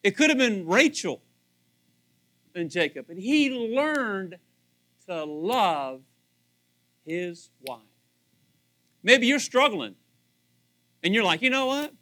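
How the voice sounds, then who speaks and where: Animated, bright-voiced male pastor preaching. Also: sits high, slow, pauses often. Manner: animated, acts out dialogue, repeats phrases for emphasis. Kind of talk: sermon.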